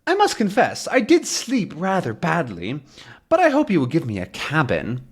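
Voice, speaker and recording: A man's voice: a little high, huge pitch swings, moderate pace, breathy edge, pitched above the performer's own voice, full character voice. A man voicing a polite, hard-of-hearing elderly male professor in a comic. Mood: mild.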